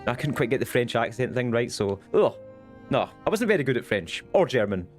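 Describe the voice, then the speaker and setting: A young man with a Scottish accent talks off the cuff to his stream audience, rambling from one thought to the next and dropping the odd swear. His voice sits at an ordinary middle pitch, and faint music plays underneath. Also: very animated, fairly quick. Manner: rambling, chatty, swears casually. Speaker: Twitch streamer. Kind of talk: casual live-stream chat.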